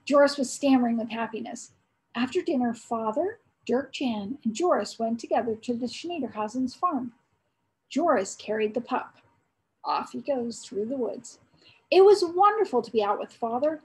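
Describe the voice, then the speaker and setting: Brief: an aunt reading a children's chapter book aloud, high bright voice, storytelling pace. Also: female voice, lively intonation, rough recording. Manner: storytelling, pausing to quiz listeners.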